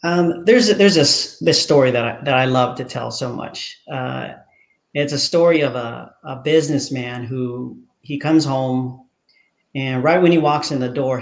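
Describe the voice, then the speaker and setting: Interviewed as an author and guest, a man animatedly tells a story and acts out the dialogue of the people in it. His medium-pitched voice is gravelly and a little slow, heard in an echoey room.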